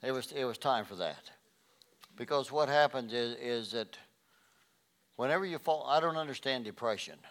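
A male pastor preaching a sermon, swinging from loud emphatic rises to quiet low passages and often repeating words as he restarts phrases. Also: expressive, normal speed, pauses often.

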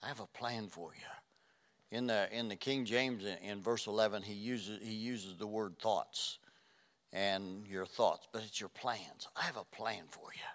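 An older man preaching a sermon, earnest, dropping to a hush and then rising loud. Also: fairly low pitch, steady tone, measured pace. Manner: earnest, swings from hushed to loud. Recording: reverberant hall.

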